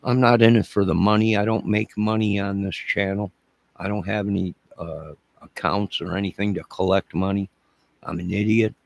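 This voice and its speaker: Gravelly-voiced man rambling on a livestream. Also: fairly low pitch, fairly even intonation, normal speed, no room sound. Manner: emotional, repetitive, speaks to chat. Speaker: channel host.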